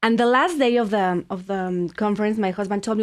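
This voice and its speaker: A woman's voice: medium pitch, brisk. A woman from Mexico with a Mexican Spanish accent, a native Spanish speaker, telling a story in casual chat as a podcast host, full of restarts and fillers. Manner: animated, many restarts and fillers.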